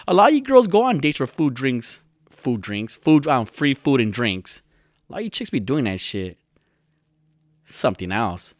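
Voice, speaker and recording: Brisk and sing-song, a young man's mid-range voice drives his solo podcast, where he swears, rambles and ridicules his friends. The studio sound is clean, without echo.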